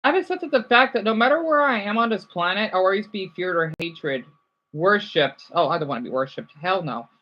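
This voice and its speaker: A man's voice: high voice, lively intonation, a little fast, highs cut off. A young man reading viewers' chat comments aloud and answering them on a casual livestream. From United States.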